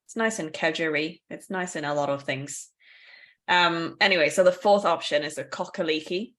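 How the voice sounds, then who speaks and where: A woman co-hosting a relaxed conversational podcast, her voice sitting a little low. She explains things in a chatty, easygoing way, adding asides and light laughs as she goes. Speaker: podcast co-host.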